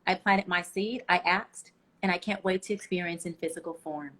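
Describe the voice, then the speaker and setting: A life coach, appearing as a guest in an interview, passionately hands out motivational advice and tells stories with feeling. Her voice is on the low side and moderately paced, her manner preachy and animated.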